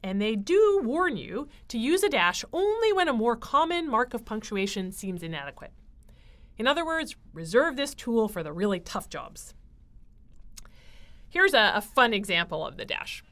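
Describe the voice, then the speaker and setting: A woman's voice: mid-range voice, sing-song, moderate pace, a bit bright. A woman instructor giving a recorded writing lecture, explaining step by step with frequent ums and uhs.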